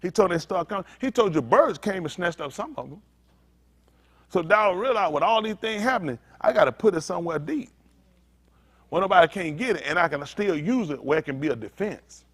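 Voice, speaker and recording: Delivering a sermon to his synagogue congregation, a pastor speaks briskly in a high pitch with lively intonation. His tone is conversational and full of jokes, aimed right at the listeners.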